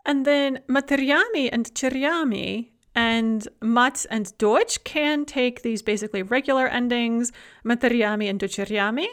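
A woman with a slightly higher voice teaches a grammar lesson. She is clear and methodical, and she reads out pairs of example words one after another. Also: moderate pace. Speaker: language teacher.

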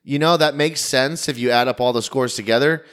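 A man co-hosting a sports podcast in casual chat, relaxed, swearing freely and trailing off into quiet asides. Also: medium pitch, fairly quick, clear, resonant tone. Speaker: podcast co-host.

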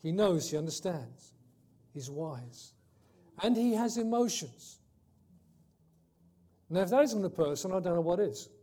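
A man preaching a sermon, reading scripture and explaining it, pressing his points hard and then dropping to a quiet close. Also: high voice, lively intonation, measured pace, pauses often. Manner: emphatic, swings between loud and soft; reads scripture aloud, corrects himself.

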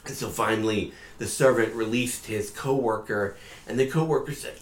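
A man's voice: mid-range voice, moderate pace. A man retelling a parable in a casual storytelling sermon, with fillers along the way. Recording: echoey room.

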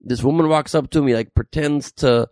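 A man's voice: mid-range voice, moderate pace, dry recording. A man, a comedian, telling a story casually and acting out the voices of the people in it. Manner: animated, acts out quoted voices.

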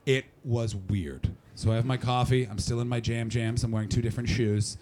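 A man's voice: medium pitch, brisk, slight background noise. A man doing stand-up comedy in a small club, telling profane stories and teasing the crowd. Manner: brash, profane, animated storytelling. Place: comedy club cellar venue.

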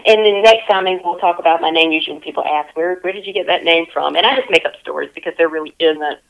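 A woman's voice: fairly low pitch, fast, gravelly, muffled recording. A woman interviewing someone over the phone, playful and teasing, laughing often.

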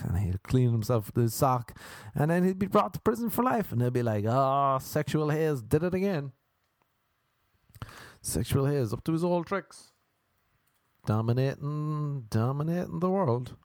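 A man's voice: medium pitch, very animated, unhurried, long pauses, a little mellow, dry recording, studio quality. A young man doing a rambling comic monologue to camera, crude and joking, often stopping to restart his sentences. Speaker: vlogger.

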